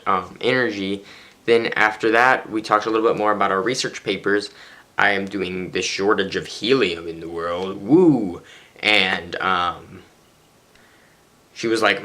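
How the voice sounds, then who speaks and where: Teen boy vlogger, tired, chatty and rambling, low-ish pitch with a sharp, bright tone. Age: teens. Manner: rambling, chatty, self-mocking. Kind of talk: casual daily vlog chat. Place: his bedroom at home.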